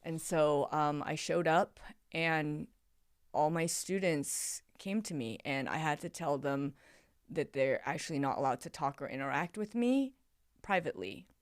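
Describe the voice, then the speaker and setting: A middle-aged woman with a fairly low voice tells her story as a podcast guest. She is an animated storyteller who acts out what she said back then. The sound is dry and close, with no room echo. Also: a little slow. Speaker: former teacher, podcast guest.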